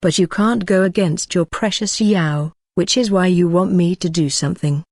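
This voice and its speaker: A woman voicing a blunt, deadpan young woman apothecary in an audiobook. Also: fairly low pitch, normal speed, no room sound. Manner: dry, flat and matter-of-fact.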